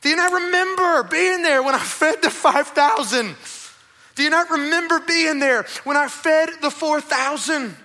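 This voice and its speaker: A man preaching a sermon, voicing Jesus as an exasperated teacher who presses with loud questions. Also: high-pitched, expressive, slow pace, exaggerated voice.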